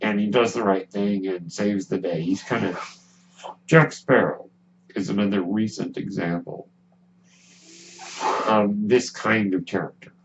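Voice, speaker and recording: A man hosting his own podcast in a relaxed, musing monologue, speaking with a ventilator that is heard in the background. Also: lowish voice, vocal fry. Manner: relaxed, musing, with pauses and restarts. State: breathing with a ventilator. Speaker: podcast host. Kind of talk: casual solo podcast monologue. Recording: dull lo-fi sound with faint hum.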